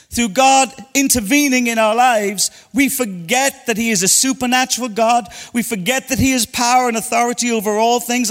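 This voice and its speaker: A man's voice: extremely high pitch, fairly bright tone, long reverb tail. A man preaching a sermon as pastor, speaking to the congregation and joking with them. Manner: playful, teasing banter with congregation. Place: church hall.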